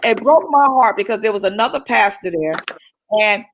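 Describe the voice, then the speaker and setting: A woman's voice: on the high side, expressive, normal speed, slight background noise, poor audio. A woman minister speaking fervently in a church-style talk, repeating phrases for emphasis.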